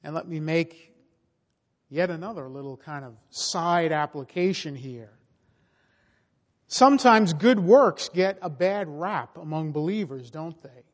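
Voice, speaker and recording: A man preaching a sermon slowly and emphatically, his voice rising and swelling in volume for emphasis. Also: on the high side. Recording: long reverb of a large hall.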